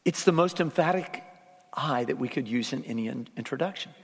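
A male pastor preaching a sermon, swinging from lively emphasis down to soft, hushed tones. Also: mid-range voice, a little fast, husky, big-room sound.

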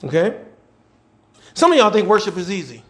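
A man, a pastor preaching a sermon in a church, repeating phrases and building to shouts. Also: high-pitched, big pitch swings, moderate pace. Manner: repetitive call-and-response preaching, swelling to shouts.

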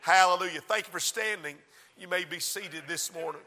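A man preaching a fervent sermon in church, praying aloud and building to shouts. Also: high-pitched, normal speed, big-room sound. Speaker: pastor.

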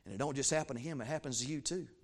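A man preaching a sermon, fervent and repetitive, swinging from low asides to loud emphatic peaks. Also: rapid-fire. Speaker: pastor.

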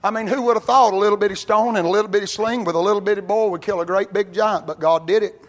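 A man preaching a sermon, telling Bible stories in a folksy way and rising to loud, shouted peaks. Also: high voice, fairly even intonation, fast. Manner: builds from quiet storytelling to loud shouting.

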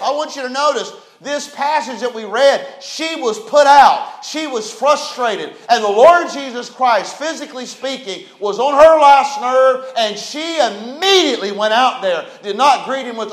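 Male preacher, very high voice, folksy and emphatic, echoey church. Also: expressive, normal speed, few pauses. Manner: folksy, emphatic, rising to shouts. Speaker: pastor. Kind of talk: sermon.

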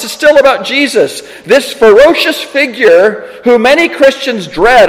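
High-voiced animated male preacher. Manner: animated, emphatic, conversational asides. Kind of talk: sermon. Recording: long hall reverb.

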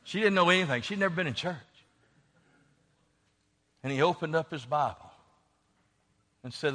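A man's voice: on the high side, animated, moderate pace, pauses often, a bit bright. A man preaching a sermon, telling a story with fervent, emphatic delivery and acted-out dialogue. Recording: long reverb of a large hall.

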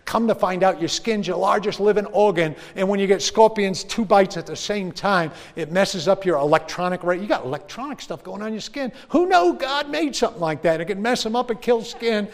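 A man telling a personal story to an audience in a lively way, acting out the other people's voices. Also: high voice, brisk, few pauses. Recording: long hall reverb.

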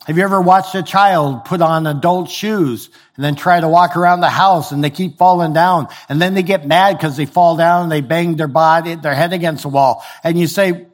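A man's voice: fairly high pitch, moderate pace. An older man preaching a sermon in a conversational way, often acting out the voices of people he quotes. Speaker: pastor.

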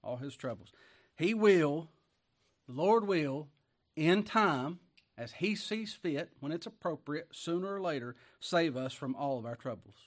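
A man preaching a folksy sermon, swinging between loud declaiming and hushed asides, chuckling often and talking in plain homespun speech. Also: fairly high pitch, animated, measured pace.

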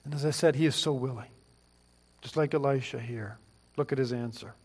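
A man's voice: medium pitch, lively intonation, fairly quick. A man preaching a sermon in an earnest, pleading way that rises to fervent questions. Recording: long hall reverb.

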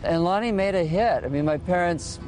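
A man in a documentary interview, recalling past events in a relaxed way. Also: high-pitched, fairly quick, soft background music.

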